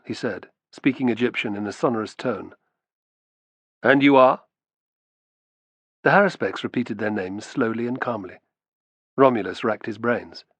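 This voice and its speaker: A man reading an audiobook in steady, measured scripted narration. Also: medium pitch, dry recording.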